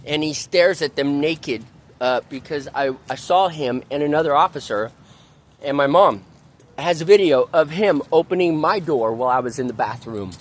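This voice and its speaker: Outdoors in a park, a male vlogger with a slightly high voice at a normal speed delivers an angry venting monologue. He swears often and keeps repeating himself as he rants.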